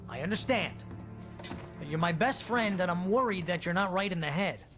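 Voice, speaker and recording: A man's voice: sits high, animated, normal speed, a bit bright, faint music behind. An actor playing a fretful, sarcastic male literary agent in a video game, talking in a whiny, worried way. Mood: pleading. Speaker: game character.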